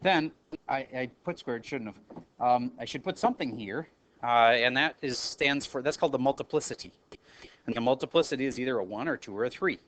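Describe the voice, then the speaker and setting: A man with a mid-range, slightly bright voice speaks a little quickly while leading a math review lesson in a classroom. His manner is casual; he corrects himself and calls on students by name.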